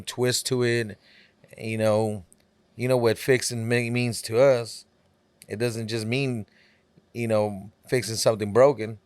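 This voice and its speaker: On a dry recording, a low, clear, resonant male voice belongs to a podcast guest, a rapper from California who carries a Texas Southern accent. He keeps the chat relaxed and leans heavily on "you know" as filler.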